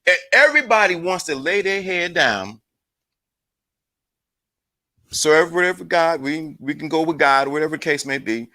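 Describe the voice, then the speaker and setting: A man's voice: a little high, animated, a little fast, sharp tone. A man hosting a livestream chat, hyped and emphatic, often repeating himself. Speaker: livestream host.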